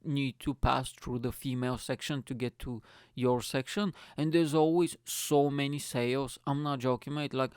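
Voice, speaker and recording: A young man from Bulgaria hosting a comedy podcast, delivering a profane, animated, rambling monologue. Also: mid-range voice, normal speed, smooth, no room sound, clean studio sound.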